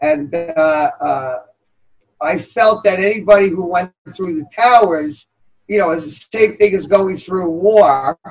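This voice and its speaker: A middle-aged woman from New York City with a New York accent, giving earnest, halting interview answers about the veterans' chamber she co-founded, with many pauses and fillers. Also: lowish voice, a little mellow, poor audio.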